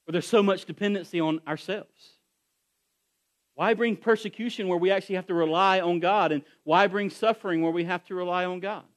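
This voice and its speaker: A man's voice: sits high, fairly even intonation, brisk. A man preaching a sermon to his congregation, retelling a story with rising intensity and frequent restarts. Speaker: pastor.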